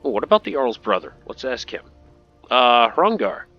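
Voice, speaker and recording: A man's voice: mid-range voice, very animated, moderate pace, dull audio, faint music behind. A man giving casual, playful commentary while playing a video game, chatty and jokey. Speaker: gameplay commentator.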